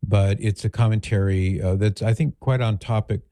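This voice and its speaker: A man's voice: on the low side, normal speed, no room sound. A man hosting a talk radio show, chatting casually as he introduces audio clips, with fillers and asides. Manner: relaxed, conversational, with fillers and asides. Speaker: radio host.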